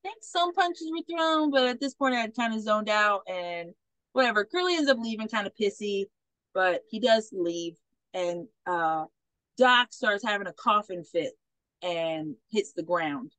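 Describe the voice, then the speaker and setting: A woman hosting a podcast, recapping a movie in a casual, rambling way with plenty of swearing and quick impressions. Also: medium pitch, expressive, fairly bright tone, no room sound, rough recording. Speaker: podcast host.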